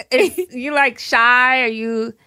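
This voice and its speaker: A woman from New York hosting a radio interview, bubbly and quick to laugh as she asks questions. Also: high voice, no room sound, studio quality. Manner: bubbly, laughs often, animated. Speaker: radio host. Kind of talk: casual interview chat.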